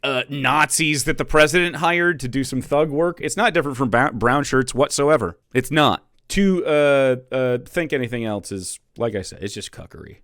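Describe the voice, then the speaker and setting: A man's voice: mid-range voice, normal speed, few pauses, fairly bright tone, no echo, studio quality. A man streaming live political commentary in a sarcastic, profane way, laughing often as he reacts to clips.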